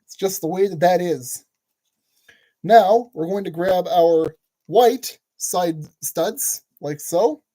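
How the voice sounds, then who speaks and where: A man's voice: high-pitched, slow pace, mellow. A man hosting a casual build tutorial, chatty and jokey, talking to himself as he works. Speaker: channel host giving building instructions.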